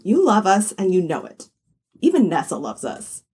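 A woman's voice: mid-range voice, huge pitch swings, normal speed, darkish tone, husky, heavily acted. A woman voicing a brash, cheerful young woman who teases her friends breezily. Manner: teasing, breezy.

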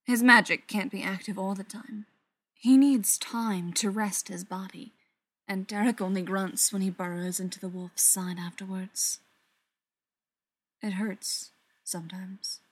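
Female narrator reading a story aloud, soft delivery that often sinks to a whisper. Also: medium pitch, slightly rough. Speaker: story reader.

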